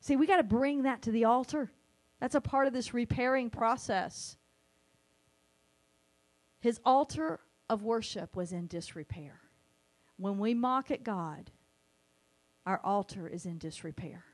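A woman preaching a sermon, animated, sometimes acting out the voices she quotes. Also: on the high side, a little slow, long pauses.

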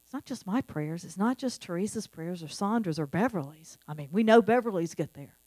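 This pastor, a middle-aged woman, gives her sermon earnestly and conversationally and leans on repeated phrases. She speaks fairly quickly with a lowish, warm voice and lively intonation. There's no echo, the sound is dry and close, and a faint mains hum sits beneath it.

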